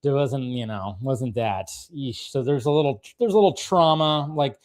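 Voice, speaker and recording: A man in casual conversation, walking through a cartoon episode scene by scene. He laughs often and slips into playful voices for the characters. His pitch sits in a middle range. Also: normal speed. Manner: animated, laughs often, acts out characters' lines. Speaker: podcast co-host.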